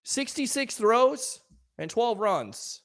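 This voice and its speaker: Speaking slowly in a very high, slightly bright voice with big swings in pitch, the host of a call-in sports show takes calls following a defeat. He's exasperated and forceful, peppering the conversation with rhetorical questions.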